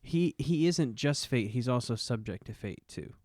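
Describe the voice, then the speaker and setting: A man's voice: mid-range voice, expressive, moderate pace, darkish tone, no room sound, studio quality. A man co-hosting a casual film podcast, rambling through his thoughts with lots of "you know". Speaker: podcast co-host.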